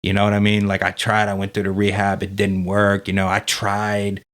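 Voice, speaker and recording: A man's voice: lowish voice, monotone, moderate pace, fairly bright tone. A man as a podcast guest telling his story in a casual, candid way, swearing freely and leaning on fillers like "dude" and "man".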